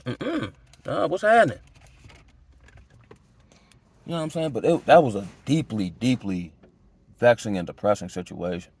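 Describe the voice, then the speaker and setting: Animated man telling a hard story. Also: moderate pace, long pauses, breathy edge. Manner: conversational, loose street slang, many restarts and "you know what I'm saying"; emotional, pitch jumps high when agitated. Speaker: storyteller giving a personal testimony. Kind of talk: casual spoken testimony.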